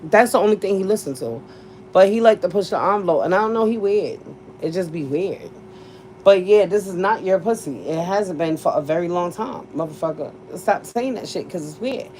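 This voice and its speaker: A woman's voice: lowish voice, lively intonation, fairly quick, a little mellow, a little hiss or hum, poor audio. A woman, talking candidly and bluntly in a casual chat, cursing freely and laughing often. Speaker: podcast host.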